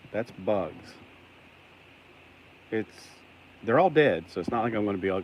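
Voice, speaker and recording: A man's voice: on the low side, expressive, unhurried, pauses often, a little hiss or hum, low-quality recording. A man talking casually on camera while cleaning a secondhand toy, rambling and self-deprecating, often grossed out. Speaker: toy collector vlogger. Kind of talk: casual unboxing vlog.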